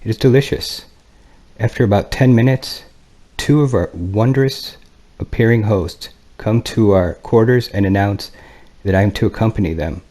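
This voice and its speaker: A man reading a first-person flight log and diary in a measured, grave manner. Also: lowish voice, warm tone. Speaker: narrator.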